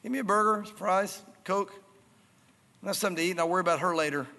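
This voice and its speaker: A man's voice: sits high, quick pace, creaky, sharp tone, full character voice. A man voicing a warrior king who orders food in a casual, offhand way. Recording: reverberant hall.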